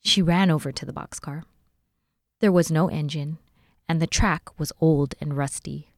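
A woman with a lowish voice reads a children's story aloud, clear and expressive. The recording is close and dry, with no echo at all. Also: unhurried. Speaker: library volunteer reading aloud.

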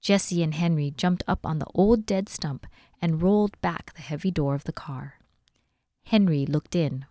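Woman reading a storybook aloud, low-voiced. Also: moderate pace, warm tone, no room sound, clean studio sound. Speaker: library volunteer reading aloud.

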